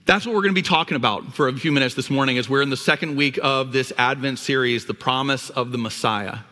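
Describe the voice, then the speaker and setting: A man's voice: on the high side, sharp tone, long reverb tail. A male pastor preaching a sermon, telling stories and putting questions to the listeners. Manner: storytelling, asks the listeners questions.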